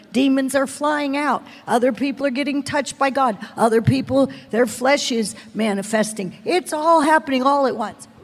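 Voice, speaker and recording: A woman in her forties preaching and telling her testimony in a lively, animated way, often laughing. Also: high-pitched. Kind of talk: sermon testimony. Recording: long hall reverb.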